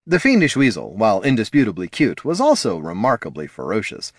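A man narrating a fantasy audiobook in a measured storytelling manner. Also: lowish voice, huge pitch swings, breathy edge, no echo, clean studio sound. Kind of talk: scripted narration.

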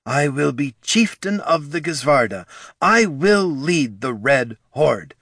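A man voicing a young orc woman who speaks strong, clear and earnest. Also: a little high, big pitch swings, slow pace, a bit bright, no echo, studio quality, voice pushed up, exaggerated voice. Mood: defiant. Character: young wounded orc woman, proud and steadfast.

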